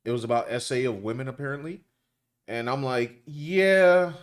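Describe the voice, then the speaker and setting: A man's voice: mid-range voice, steady tone, a little fast. A man co-hosting a casual commentary chat, talking loosely and colloquially with lots of restarts. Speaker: co-host.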